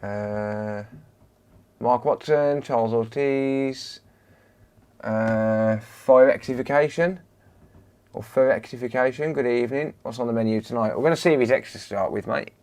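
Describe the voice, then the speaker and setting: Brief: male streamer, mid-pitched, slow and relaxed, friendly chat roll call. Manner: greets chat members one by one, laid-back banter. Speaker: live-stream host, electronics repairer. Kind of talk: casual live-stream chat.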